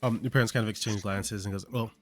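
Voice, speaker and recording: A man's voice: lowish voice, fairly even intonation, quick pace, soft background music. A man narrating as game master, hesitant with fillers and voicing the other characters. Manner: hesitant, lots of fillers, voices non-player characters.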